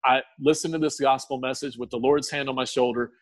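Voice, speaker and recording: A man's voice: mid-range voice, fairly even intonation, no echo. Tearful man sharing his testimony. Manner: earnest, halting, with many restarts. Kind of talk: emotional personal testimony.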